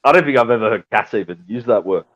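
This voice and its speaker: A man's voice: medium pitch, lively intonation, fast talker, fairly bright tone. A man from South Sydney, joking in a casual group chat.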